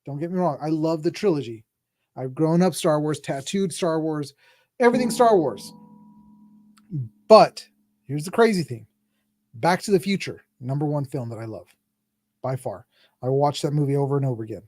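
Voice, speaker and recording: A man's voice: fairly high pitch, moderate pace, long pauses, darkish tone, no echo, studio quality. A man in his forties, hosting a podcast and chatting casually about movies in a rambling, joking way with many restarts. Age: 40s. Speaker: podcast host.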